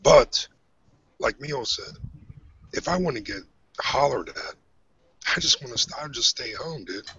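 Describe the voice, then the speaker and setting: A man's voice: medium pitch, animated, unhurried, vocal fry, pauses often, bright, forceful tone, breathy edge, no echo. A man hosting a casual panel chat, ribbing his guests with profane talk and calling on each one in turn. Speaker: podcast host. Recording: muffled lo-fi audio.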